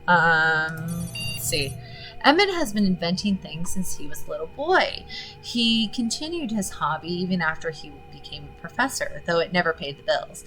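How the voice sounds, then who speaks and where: A woman's voice: on the low side, a bit bright, low-quality recording. A woman streaming a game, chatting casually and reading the game's text aloud as she thinks through her choices. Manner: chatty, thinking aloud with fillers between read-out passages.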